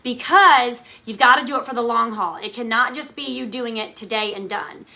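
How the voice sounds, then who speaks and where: A woman's voice: a little high, normal speed, sharp tone. A woman, a direct sales team leader, gives a motivational talk to camera, emphatic and checking in with "okay?" again and again. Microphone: camera mic, speaking to camera.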